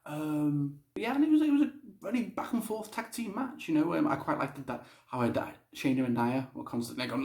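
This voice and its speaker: A man's voice: fairly high pitch, animated, brisk, a little mellow. A young man giving a casual, blunt spoken review, swearing freely. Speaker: wrestling show reviewer. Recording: roomy echo.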